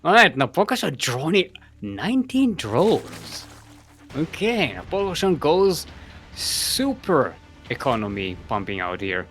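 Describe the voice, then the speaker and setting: A man casting a live video game match, excitable and laughing often as he talks. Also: mid-range voice, a little slow, faint music behind. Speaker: esports caster.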